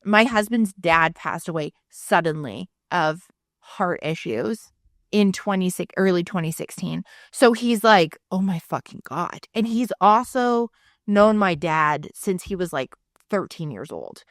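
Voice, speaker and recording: A woman's voice: lowish voice, a little slow, no echo, studio quality. A woman in her thirties co-hosting a podcast, telling a personal story candidly and with frequent swearing. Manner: frank, swears freely, animated retelling. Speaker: podcast co-host.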